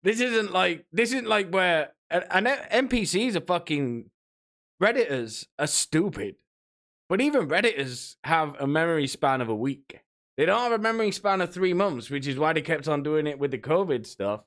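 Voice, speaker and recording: A man's voice: on the high side, expressive, normal speed, fairly bright tone. A man streaming, rambling and mocking in a casual rant, often laughing between remarks. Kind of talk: casual ranting commentary.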